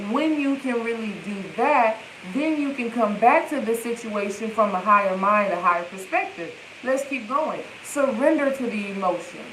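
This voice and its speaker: A woman's voice: a little high, moderate pace, few pauses, fairly bright tone, echoey room, a little hiss or hum, poor audio. A woman healing coach, livestreaming from her phone and speaking in emphatic, repetitive affirmations. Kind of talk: live-stream self-help talk.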